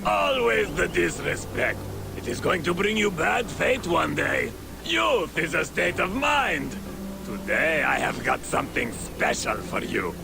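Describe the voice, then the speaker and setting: An actor playing a gruff, proud old male arena trainer with a gravelly voice, from game audio. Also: on the high side, sing-song, unhurried, over music, heavily acted.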